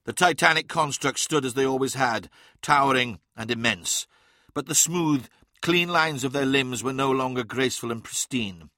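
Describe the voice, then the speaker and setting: A man reading an audiobook in a measured, dramatic way. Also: medium pitch, sharp tone, no room sound, studio quality. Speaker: narrator. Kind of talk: scripted audiobook narration.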